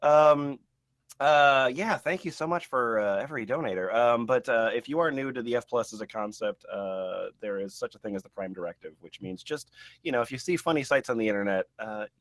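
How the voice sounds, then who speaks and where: A man's voice: mid-range voice, brisk, a bit bright, no room sound. A young man hosting a comedy podcast marathon, rambling with lots of fillers and frequent laughter. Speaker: podcast host. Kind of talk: comedy podcast livestream chat.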